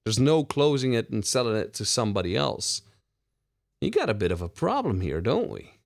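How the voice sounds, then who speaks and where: A folksy, chummy tavern bartender with a gravelly edge, as a man puts him on. His voice swings high and lively, and it is recorded close and dry. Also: moderate pace, no echo. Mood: wary. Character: gruff-friendly male tavern bartender.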